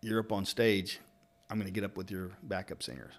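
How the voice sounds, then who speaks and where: Low-voiced Kentucky man telling stories. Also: a little fast. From Louisville, Kentucky. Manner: rambling storyteller, animated retelling of anecdotes. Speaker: barber and interviewer. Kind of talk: casual chat.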